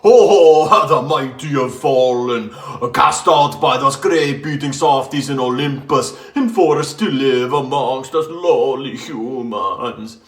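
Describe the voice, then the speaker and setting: A man playing a mocking rival wrestler with a slow, theatrical taunting delivery. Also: mid-range voice, natural voice. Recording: echoey room.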